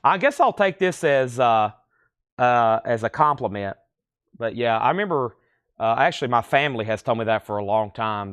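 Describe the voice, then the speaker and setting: A man's voice: medium pitch, lively intonation, moderate pace, a bit bright, smooth, dry recording, studio quality. Lilting Tennessee man calling record prices. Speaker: live sale host. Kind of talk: live-stream auction selling.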